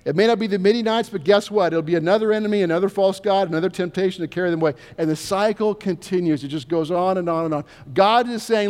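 A man's voice: sits high, fast. A man preaching a sermon to a congregation, earnest, acting out prayers and God's answers in quoted voices. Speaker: pastor. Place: church sanctuary. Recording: long church reverb.

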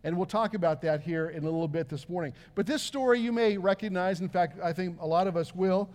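Older man, pastor, conversational sermon, high voice, reverberant church hall. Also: brisk. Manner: conversational, animated preaching with acted quotes. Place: church sanctuary.

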